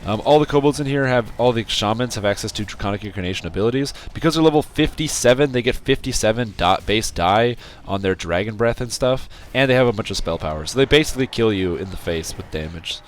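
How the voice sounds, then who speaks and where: A man with a sore, scratchy throat giving casual, rambling commentary while he plays a game, with sudden excited outbursts. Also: fairly low pitch, quick pace, few pauses. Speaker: game streamer.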